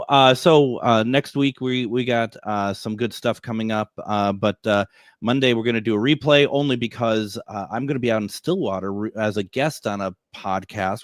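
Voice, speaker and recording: A man's voice: on the low side, dry recording, studio quality. A man hosting a casual radio talk show, chatty and laughing often.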